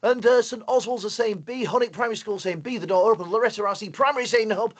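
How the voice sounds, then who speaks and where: A man with a Yorkshire accent presenting a playful, excitable live online lesson for primary school children. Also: high-pitched, quick pace.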